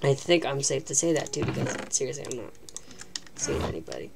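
Give me a low-voiced woman joking at her own expense over a game, with a little typing noise behind her. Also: fairly even intonation, fast talker, vocal fry. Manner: joking, self-mocking, talking to herself. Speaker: gaming channel host. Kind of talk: live gameplay commentary.

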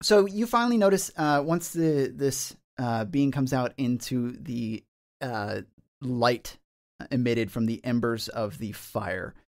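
A man's voice: medium pitch, slow. A man running a tabletop game, narrating scenes descriptively with many fillers. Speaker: game master.

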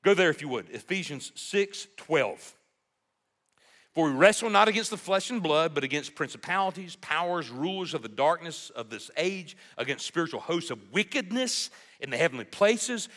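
Guy preaching, bright voice, pitch all over the place, lots of emphasis. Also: moderate pace. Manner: animated, emphatic preaching with rhetorical questions. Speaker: pastor. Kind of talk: sermon.

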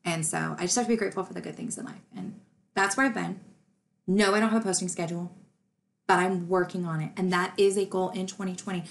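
A woman's voice: fairly low pitch, steady tone, fast talker, creaky, a little hiss or hum. A woman YouTuber in her thirties talking emotionally to her viewers, laughing through grief. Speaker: true crime YouTuber. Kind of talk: personal vlog talk to camera.

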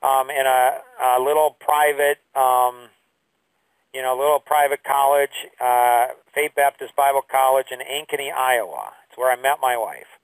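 A man teaching a business course through rambling stories, full of fillers, his voice jumping high when he quotes people. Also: unhurried, clean tone, no echo, recorded from a distance, rough recording. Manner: rambling storyteller with many fillers. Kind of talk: anecdotal online lesson.

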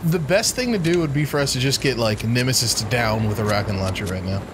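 A man's voice: mid-range voice, lively intonation, fast, background noise. A man co-hosting a let's play, bantering casually and joking with friends while gaming. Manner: joking, breaks into sing-song bits.

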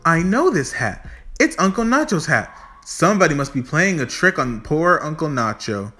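A bustling storybook mother, brisk and eager, as a man puts her on. The voice sits high and bright, with faint music in the background. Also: sing-song. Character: bustling woman, the niece's mother.

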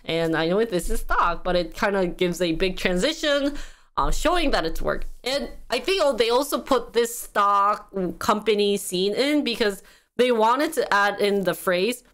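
A woman's voice: mid-range voice, lively intonation, normal speed, fairly bright tone. A woman hosting a music video reaction, chatting casually with lots of energy, giggles and fillers.

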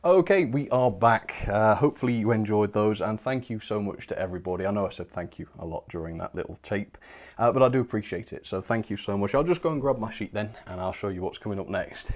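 A man with a lowish voice chats casually as a live-stream host. His delivery is cheerful and easygoing, with frequent light laughter, like someone enjoying a hobby with viewers. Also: expressive, fairly quick, a little mellow. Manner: cheerful and chatty, laughs often.

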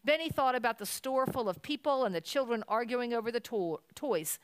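A woman's voice: on the high side, animated, brisk, smooth, no echo. Woman reading a children's story aloud. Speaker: reader at a church service. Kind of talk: storybook reading at a Christmas service. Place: church.

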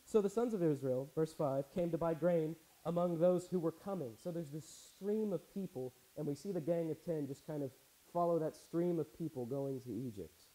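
A man's voice: a little high, moderate pace, hardly any pauses, warm tone, low-quality recording. A man preaching a casual sermon, reading scripture aloud and adding wry, conversational asides. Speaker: pastor. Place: church.

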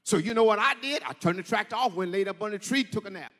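High, bright preacher in echoing hall. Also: male voice, lively intonation, fast. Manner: storytelling preacher, swelling into shouted sing-song peaks. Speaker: pastor. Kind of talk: sermon. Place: church sanctuary. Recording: echoey church hall.

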